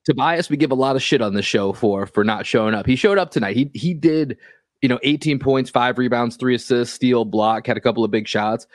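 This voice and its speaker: A man co-hosting a sports podcast, talking in casual chat and reeling off stats and results in a measured way. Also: mid-range voice, dry recording. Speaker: podcast co-host.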